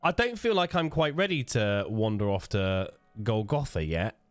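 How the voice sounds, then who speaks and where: A man's voice: lowish voice, expressive, moderate pace, clean tone, no room sound, faint music behind. A man hosting a let's play, chatting casually to himself with swearing and jokes. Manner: muttering to himself, swearing, joking. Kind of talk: casual gameplay commentary.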